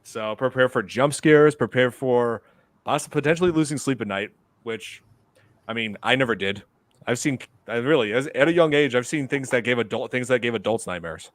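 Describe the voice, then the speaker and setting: A man's voice: medium pitch, normal speed, no echo. A man hosting a podcast in casual chat, rambling with many fillers. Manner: rambling, lots of "like" and "uh". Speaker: podcast host.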